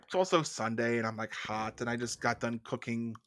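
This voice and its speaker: A tired man chatting on a podcast, drifting through long deadpan stories. His voice sits at an ordinary pitch and is recorded dry and close, with no room sound around it. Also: fairly quick, no echo. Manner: rambling, deadpan storytelling. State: tired, yawning. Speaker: podcast co-host. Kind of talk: casual podcast banter.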